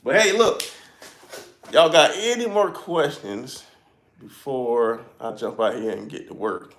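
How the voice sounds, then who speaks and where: A man's voice: medium pitch, lively intonation, slow, a bit bright, roomy sound. A man with a South Carolina accent, hosting a casual garage livestream in a laid-back, chuckling way with folksy slang. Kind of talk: casual live-stream chat. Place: home garage.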